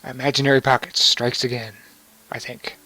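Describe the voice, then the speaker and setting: A man's voice: medium pitch, flat delivery, normal speed, pushed and bright. Joking young man commenting on a game. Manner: joking, wry, laughs often. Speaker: let's play commentator.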